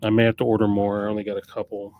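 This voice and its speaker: Over tinny, narrow audio, a lowish-voiced man races through a casual live-stream chat in a monotone. He owns a record store and rambles about the new arrivals off the cuff, often stopping mid-sentence to correct himself.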